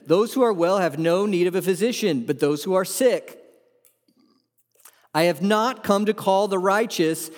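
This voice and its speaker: A man's voice: high voice, darkish tone. A man preaching a sermon as a pastor, earnest and emphatic, asking the room rhetorical questions. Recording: long hall reverb.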